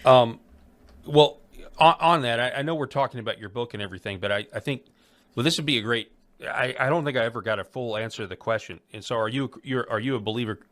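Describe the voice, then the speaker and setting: A man interviewing a guest in a casual, halting way, often repeating words and using fillers. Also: medium pitch, a bit bright, no echo. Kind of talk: conversational interview.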